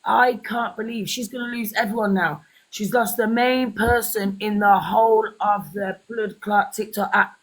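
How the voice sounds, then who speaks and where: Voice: medium pitch, fairly even intonation, moderate pace, hardly any pauses, poor audio. Slangy guest with a sore throat. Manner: chatty, slangy, teasing. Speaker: livestream guest. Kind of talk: casual livestream chat.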